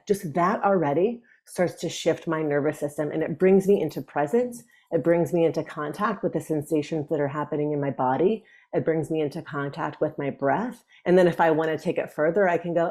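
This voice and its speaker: A woman guest on an interview podcast, a breathwork teacher speaking gently and reflectively. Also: deep voice, brisk. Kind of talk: conversational interview.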